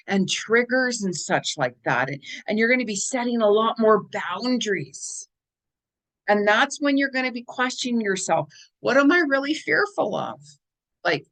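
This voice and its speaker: A woman's voice: medium pitch, a bit bright. A woman hosting a spiritual guidance channel, talking casually through a weekly forecast in a chatty, rambling way and repeating words for emphasis.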